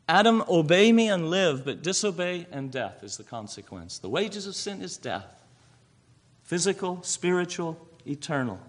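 A man's voice: a little high, husky. A man preaching a sermon, asking rhetorical questions and answering them himself.

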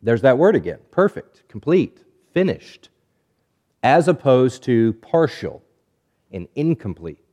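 Guy preaching, slow careful emphasis, voice drops soft at line ends, mid pitch. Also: big pitch swings. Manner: measured preaching with drawn-out emphatic words; drops low and quiet at phrase ends. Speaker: pastor. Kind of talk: sermon.

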